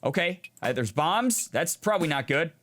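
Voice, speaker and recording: A young man hosting a gameplay video, thinking aloud in an animated and reflective way as he plays. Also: fairly high pitch, normal speed, slight background noise. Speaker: gaming video host. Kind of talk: let's play commentary.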